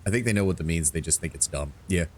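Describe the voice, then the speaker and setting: Deep-voiced man chatting on a game stream. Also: quick pace. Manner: casual, wry, talks to chat.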